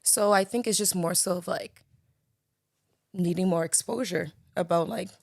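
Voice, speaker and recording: A woman's voice: lowish voice, normal speed, creaky, no room sound, clean studio sound. A young woman from the Bahamas with a light Bahamian accent, chatting as a podcast guest and filling her talk with "like" and "you know". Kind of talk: casual conversation.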